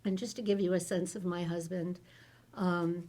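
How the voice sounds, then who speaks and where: A woman's voice: on the low side, fairly even intonation, moderate pace, warm tone. Candid woman telling a caregiving story. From United States. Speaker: caregiver panelist. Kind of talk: personal story at a public panel.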